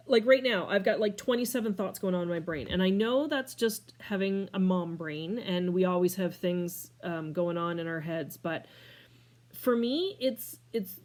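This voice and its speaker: A middle-aged woman in a casual talking-to-camera life update from home, rambling and scattered, tearful and emotional, laughing through tears. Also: darkish tone. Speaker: vlogger. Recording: clear background noise, furnace rumble.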